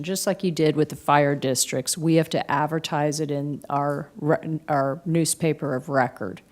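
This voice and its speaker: Staff woman, low-pitched, procedural explainer at a county board meeting. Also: fairly even intonation, normal speed, hardly any pauses, darkish tone. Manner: explanatory, procedural, many fillers. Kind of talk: formal briefing to a board. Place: county commission meeting room.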